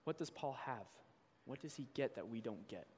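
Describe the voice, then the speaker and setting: A man delivers a sermon in a church, reading scripture at a measured pace before pressing his points with growing fervor. His voice sits at an ordinary pitch, and a long reverb trails each phrase through the hall. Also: lively intonation, darkish tone, slight background noise. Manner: reads scripture slowly, then preaches with rising intensity. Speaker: preacher.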